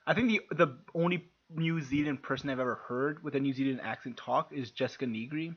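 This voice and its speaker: A man co-hosting a podcast in casual chat, talking excitably, swearing often and laughing a lot. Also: medium pitch, a little fast, muffled recording. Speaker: podcast co-host.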